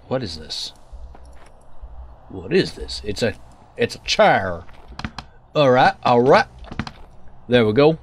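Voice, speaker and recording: A man's voice: mid-range voice, a little hiss or hum. A young man giving rambling, joking commentary on a horror game he plays, slipping into a put-on hillbilly drawl. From United States. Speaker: let's play gamer.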